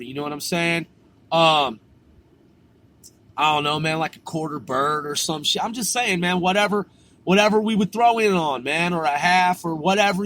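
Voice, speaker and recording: A man's voice: a little high, fairly bright tone. A man telling a story casually, swearing and saying "man" at the end of his sentences. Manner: profane, drawling, says "man" constantly.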